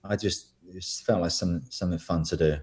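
A man's voice: low voice, fairly even intonation, brisk, darkish tone. A man telling rambling, self-deprecating stories as a guest in a casual interview.

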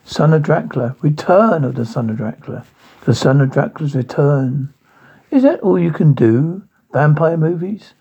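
A man's voice: a little high, breathy edge, highs cut off, heavily acted. A man voicing a cackling male ghoul who hosts horror tales, with a gleeful, punning, sing-song manner. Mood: disdainful.

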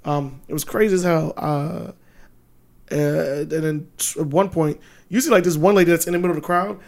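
A man co-hosting a podcast, chatting casually with loose, profane, animated storytelling. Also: on the high side, normal speed, vocal fry. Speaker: podcast co-host.

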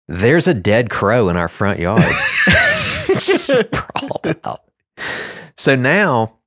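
Deep-voiced laughing storyteller man. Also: dry recording, studio quality. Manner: animated storyteller, laughs often. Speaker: podcast co-host. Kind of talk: casual chat.

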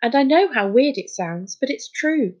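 A very high, male-sounding voice with lively intonation comes through a muffled recording, raised above the performer's own pitch. It belongs to a woman reading a storybook, voicing an earnest boy turning dolphin-like who halts, hesitates and pleads while stumbling through a strange confession.

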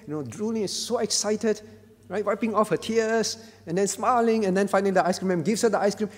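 A man preaching a sermon as pastor, earnest, dropping to a soft pleading tone when he voices prayers. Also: high-pitched, slightly rough, big-room sound.

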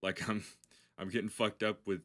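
A man's voice: lowish voice, level tone, moderate pace, fairly bright tone. A man co-hosting a podcast in casual, crude chat, rambling with many restarts and often laughing. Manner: rambling, laughs often, acts out quoted voices. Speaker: podcast co-host.

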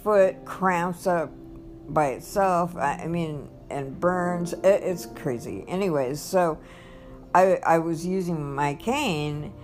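A woman's voice: lowish voice, takes it slowly, a little mellow, faint music behind. A woman telling a personal story in a casual monologue, rambling with restarts and acting out what people said. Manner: rambling, with many restarts and acted-out quotes. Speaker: vlogger.

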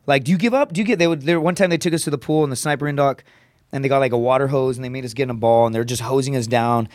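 A man, a comedian and former Marine, telling a rough story on a podcast in blunt, profane language. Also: medium pitch, no room sound, studio quality. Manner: profane, rapid, animated storytelling.

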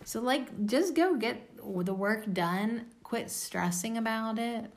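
A woman's voice: fairly high pitch, slow pace, hardly any pauses. A tired woman giving a casual oracle card reading, blunt and self-mocking, with the odd swear.

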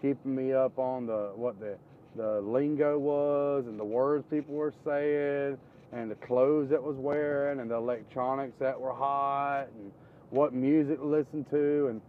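A man from Florida telling casual stories about his old neighborhood, rambling and animated, often raising his voice to quote people. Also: mid-range voice, unhurried, narrow, tinny audio, slight background noise. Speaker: storyteller. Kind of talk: casual storytelling.

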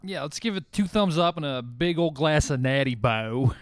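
A man's voice: fairly high pitch, expressive, normal speed, no echo, studio quality. A man co-hosting a casual music podcast, dropping in short jokey remarks. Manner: jokey, brief interjections. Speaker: podcast co-host. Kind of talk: casual chat.

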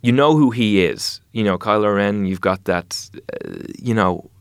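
A man's voice: on the low side, normal speed, clean tone, dry recording, clean studio sound. A man, an actor being interviewed, talking in a thoughtful, rambling way with many fillers. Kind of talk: casual interview chat.

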